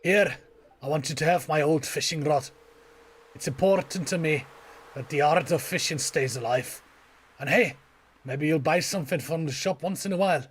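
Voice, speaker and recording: A man voicing a gruff old fisherman in a game, talking in salty sailor style over faint game music. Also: on the high side, normal speed. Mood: hearty.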